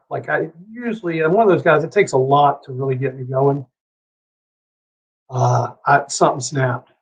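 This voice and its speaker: On a podcast, a middle-aged man from Savannah, Georgia, rambles through a long, profane, heated anecdote full of asides. He has a fairly high, slightly rough voice. The casual storytelling comes through dull, lo-fi audio.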